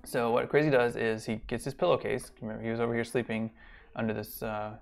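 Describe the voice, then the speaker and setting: Guy teacher rambling thru a lecture, kinda gravelly voice, lots of uh and um. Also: mid-range voice, level tone, fast talker. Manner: rambling, many fillers and restarts. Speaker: college instructor. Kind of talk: casual online lecture.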